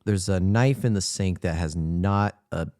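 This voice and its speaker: A man's voice: low-pitched, unhurried, darkish tone, no echo, studio quality. A man co-hosting a podcast, casually retelling film scenes with lots of filler words. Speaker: podcast co-host. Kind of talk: casual film recap chat.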